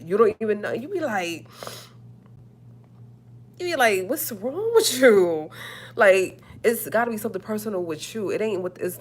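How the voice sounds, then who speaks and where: A woman's voice: on the low side, husky. A woman hosting a livestream, talking in a sassy, emphatic way and repeating her points. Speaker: livestream host. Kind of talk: casual livestream rant.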